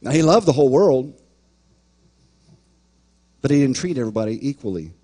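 A man's voice: mid-range voice, animated, moderate pace, dark tone, husky. A man preaching a sermon as pastor, emphatic, often repeating words and acting out imagined voices.

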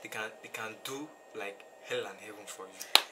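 A young man as a guest in a casual chat, earnest and halting, restarting his sentences. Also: on the low side. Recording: clear background noise.

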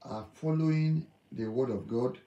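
Brief: man, middle pitch, calm Bible teacher, echoey and distant. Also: creaky, highs cut off. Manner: measured, echoes and affirms the other teacher. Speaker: Bible study co-host. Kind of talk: teaching and leading prayer. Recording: echoey room, distant mic.

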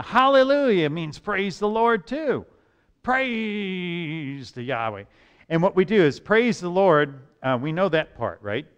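A man leads the children's message in a church, singing with the kids and acting out happy and gloomy moods. His voice sits a little high and sounds smooth and clear. He keeps an easy, slow pace. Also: fairly bright tone. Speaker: pastor leading a children's message. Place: church sanctuary.

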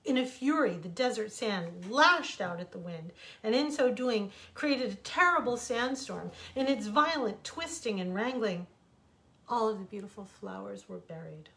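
Slow reflective woman reading a fable. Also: mid-range voice, expressive, creaky, a bit bright. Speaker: author reading her own fables. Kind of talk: storybook reading.

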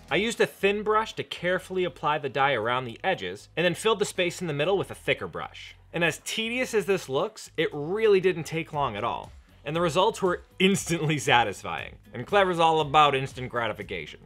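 Bright-voiced, upbeat young man. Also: a little high. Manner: upbeat, enthusiastic, slangy. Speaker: host of a crafting channel. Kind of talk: narrated leathercraft tutorial.

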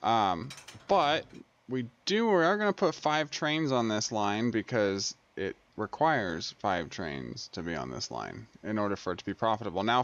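In a dry, slightly dull home recording with no room sound, a man with a medium-pitched, fairly bright voice hosts a gaming channel. He chats casually over gameplay, thinking out loud and correcting himself as he goes.

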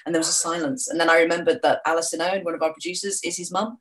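A woman's voice: fairly low pitch, steady tone, rapid-fire, slight background noise, poor audio. A woman author chatting casually in an interview, telling enthusiastic, self-mocking stories. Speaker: author guest.

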